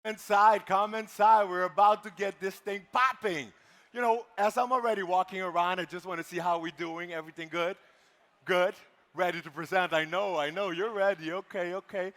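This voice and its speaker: High-voiced lively male event host. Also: a little fast. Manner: energetic, playful crowd banter. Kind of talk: live stage hosting. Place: large conference hall. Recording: long hall reverb.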